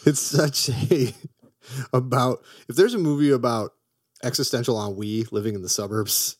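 A man's voice: medium pitch, moderate pace. A man co-hosting a casual podcast, talking about films with enthusiasm, rambling and swearing casually. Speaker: podcast co-host. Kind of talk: casual movie chat.

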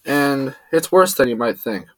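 A man's voice: medium pitch, expressive, measured pace, a bit bright, dry recording. A man doing Max, a cool, clipped young hacker woman. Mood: matter-of-fact.

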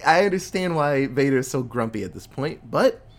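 A man hosting a casual chat, retelling a movie plot in animated, profane storytelling. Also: mid-range voice, moderate pace, vocal fry.

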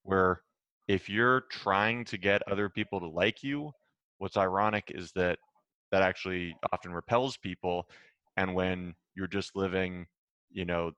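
A man's voice: sits low, fairly bright tone, dry recording, highs cut off. A man hosting an interview, speaking hesitantly and filling gaps with "you know". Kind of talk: casual interview talk.

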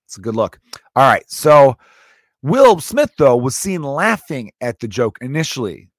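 A man's voice: on the low side, dry recording, studio quality. A man hosting a podcast, a comedian recapping a story in a rambling, profane, self-interrupting monologue. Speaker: podcast host.

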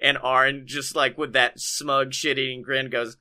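Excitable bright-voiced guy. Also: mid-range voice, unhurried, few pauses. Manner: excitable, swears a lot, acts out quotes with big shouts. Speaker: podcast co-host. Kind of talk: casual chat about wrestling.

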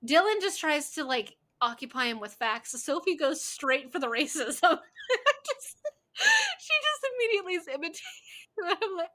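Casual co-host: woman, bright higher voice, chatty, laughs a lot. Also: very animated, normal speed. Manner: chatty, laughs often, playful asides. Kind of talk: casual watch-along chat.

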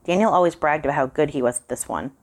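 A woman's voice: deep voice, fast talker. Field: a woman reading a polite nervous young man. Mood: friendly. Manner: earnest and eager to please. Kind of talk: audiobook character voice.

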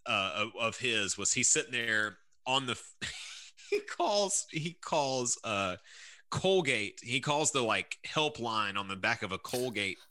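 A man co-hosting a podcast, telling stories about songs in a relaxed way with many fillers. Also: mid-range voice, unhurried, no echo. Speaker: podcast co-host. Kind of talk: casual chat about songs.

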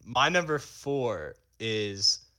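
A man's voice: medium pitch, animated, drawn-out words, sharp tone. A young man co-hosting a podcast, laid-back and laughing often in casual chat. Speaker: podcast co-host.

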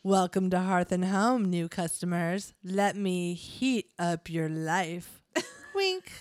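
A woman's voice: lowish voice, animated, dry recording. A woman reading the part of a sly male devil applying for a job, full of suggestive puns. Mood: flirty. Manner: suggestive, punning, slow and drawling. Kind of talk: reading a comedy script aloud.

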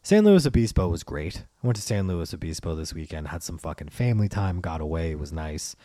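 Young man, podcast host, low dark voice, dry close sound, swearing comic rant. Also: brisk, no echo. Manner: profane, exasperated rant with animated quoted voices. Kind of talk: comedic storytelling monologue. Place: at home.

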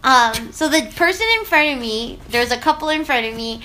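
A woman in casual chat, telling a story in an animated way with frequent laughs and fillers. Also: sits high, moderate pace, a little hiss or hum, rough recording.

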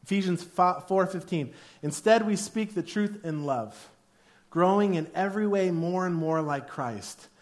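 Male pastor, 30s, high and very lively voice, casual, joking sermon delivery. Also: unhurried. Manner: animated, jokey, acts out quoted arguments in a raised voice.

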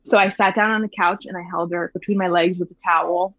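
A woman in her thirties telling her own birth story in a soft, reflective way, with lots of fillers and restarts. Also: fairly low pitch, steady tone, fast talker, no room sound. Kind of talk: casual personal storytelling. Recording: slightly dull, dry sound.

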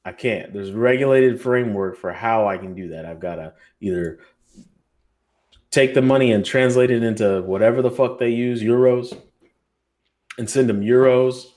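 A man's voice: mid-range voice, moderate pace, darkish tone. An American man co-hosting a podcast roundtable, talking in a loose, joking, profane, rambling way. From United States. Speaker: podcast co-host. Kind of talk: casual roundtable chat.

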